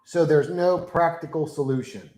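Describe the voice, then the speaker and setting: A man's voice: a little high, normal speed, echoey room, a little hiss or hum, poor audio. A man hosting his own channel, ranting casually and bluntly with lots of swearing, dictating punctuation aloud to a voice assistant with the mic right next to him. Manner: talks loudly into the mic. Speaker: channel host. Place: room at home.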